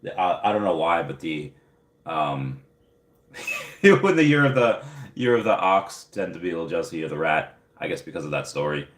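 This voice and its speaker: A young man with a very low voice chats loosely on a livestream, rambling and packing his talk with fillers as he answers viewers. His voice carries a roomy echo off the walls around him. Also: brisk. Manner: rambling, filler-heavy, upbeat. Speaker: livestream host. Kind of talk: casual live chat reading viewer comments.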